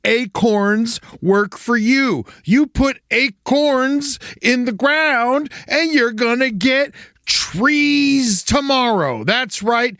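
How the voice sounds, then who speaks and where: A man's voice: very high voice, extremely slow, fairly bright tone, no echo, clean studio sound. A man hosting a podcast, reading a sponsor ad in a goofy, riffing way. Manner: goofy, riffing between ad lines. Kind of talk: jokey ad read.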